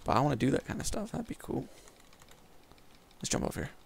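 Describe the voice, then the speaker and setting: A young man with a gravelly, creaky edge talks through a video game in loose, rambling commentary, mocking himself and joking as he goes. His pitch bounces up and down a lot, and faint room noise with keyboard typing sits under the voice. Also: wildly swooping pitch, quick pace. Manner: rambling, self-mocking, jokey. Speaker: gameplay commentator. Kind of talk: casual let's-play commentary.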